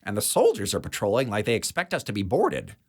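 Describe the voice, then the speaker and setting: A man's voice: on the low side, huge pitch swings, quick pace, pitched above the performer's own voice. A man voicing a blunt, jaded female security chief who smokes and talks in a dry, sardonic way.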